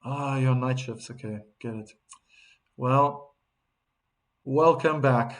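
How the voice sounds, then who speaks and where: A man with a South African accent hosting a live tennis watchalong, chatting with viewers and breaking into excited calls on big points. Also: medium pitch, slow. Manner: chatty, reads viewer chat messages aloud between calls. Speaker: host and tennis commentator.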